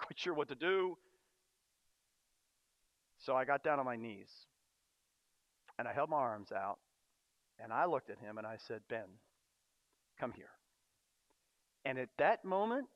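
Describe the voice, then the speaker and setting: A man preaching a sermon as a pastor, earnest and storytelling, often pausing on fillers. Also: on the high side, no echo. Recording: dry, dull lo-fi sound.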